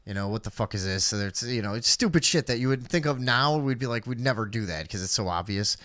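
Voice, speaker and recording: A man's voice: medium pitch, expressive, fast talker, a bit bright, no room sound, studio quality. Laid-back man telling a rambling story. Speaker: podcast co-host. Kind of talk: casual storytelling on a live stream.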